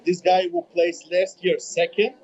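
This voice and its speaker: A man in his twenties with a German accent, a bodybuilder speaking English as a second language in a casual interview, halting and repeating words as he searches for them. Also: high voice, flat delivery, darkish tone. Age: 20s. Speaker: bodybuilder guest. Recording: dull lo-fi remote audio.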